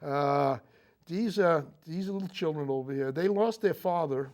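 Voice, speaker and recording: An older man, a Marine veteran, recounting his memories in a TV interview, speaking haltingly with frequent fillers and restarts. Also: fairly high pitch, darkish tone. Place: local TV studio.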